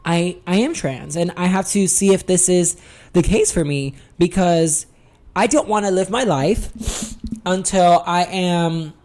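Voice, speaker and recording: A young adult woman hosting her own podcast in a candid, expressive confessional chat, swearing freely and calling listeners honey. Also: on the low side, a little slow. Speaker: podcast host.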